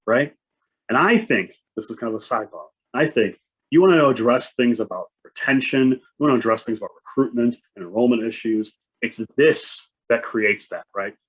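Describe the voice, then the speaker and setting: A man's voice: medium pitch, husky. A man in his thirties presenting a conference talk, speaking in a conversational way and often asking "right?". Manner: conversational, frequent "right?" tags. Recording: dull lo-fi sound.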